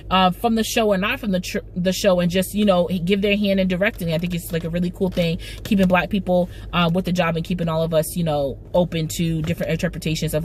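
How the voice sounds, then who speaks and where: A woman's voice: lowish voice, slight background noise. A young woman chatting casually as she recaps a TV episode for her channel, emphatic and slangy. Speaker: TV recap vlogger.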